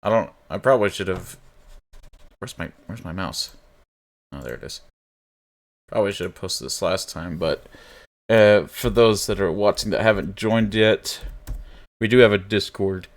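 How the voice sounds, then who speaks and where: A man's voice: deep voice, normal speed, long pauses. Laid-back young man streaming a game. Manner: relaxed, chatty, laughs often while reading. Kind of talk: game playthrough, reading text aloud. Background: game music.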